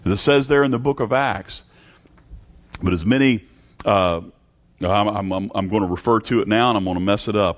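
A man's voice: fairly low pitch, normal speed, long pauses. A man preaching a sermon, reading scripture aloud and repeating words as he searches for his phrasing. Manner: preaching with rising emphatic bursts and scripture readings. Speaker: pastor.

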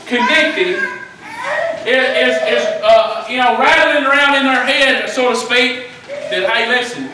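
A middle-aged man, preaching a fervent sermon that climbs into shouting, often repeating words as he restarts. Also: extremely high pitch, measured pace. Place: church. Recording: echoey room from a distance, faint noise.

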